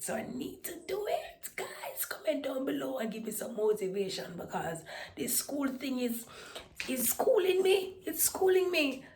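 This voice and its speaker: Jamaican girl around 18 chatting to her vlog, drops into patois, lowish voice. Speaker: vlogger. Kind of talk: casual vlog chat.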